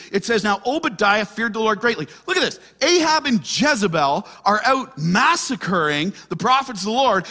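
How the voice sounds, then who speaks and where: Animated high-voiced male preacher in a hall. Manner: animated, acts out frightened voices of scripture figures. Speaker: pastor. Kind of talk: sermon. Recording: long hall reverb.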